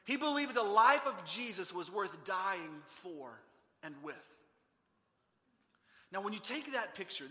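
A man preaching a sermon as pastor, earnest, swinging between loud emphasis and hushed intimate passages. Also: high voice. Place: church sanctuary. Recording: long reverb of a large hall.

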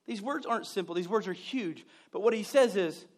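A man preaching a sermon, joking with the congregation and acting out scenes, swinging from loud outbursts to hushed asides. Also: sits high, fairly quick. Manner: animated and joking, acts out scenes. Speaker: pastor.

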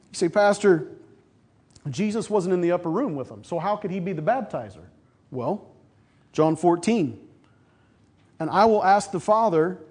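High-voiced man preaching a sermon. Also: husky. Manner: builds to loud, high emphasis then drops soft; asks the congregation questions and answers them. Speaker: pastor.

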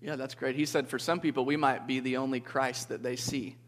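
A man preaching to a group in a relaxed, conversational way, often checking in with "okay?" and asking the listeners questions. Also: mid-range voice, fairly quick. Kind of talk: interactive sermon. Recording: reverberant hall.

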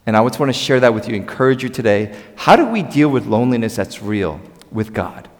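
A man preaching a sermon in a church, conversational and animated, calling on the congregation to answer back. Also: medium pitch, fairly quick, big-room sound. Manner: animated, conversational preaching with audience call-and-response. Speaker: pastor. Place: church sanctuary.

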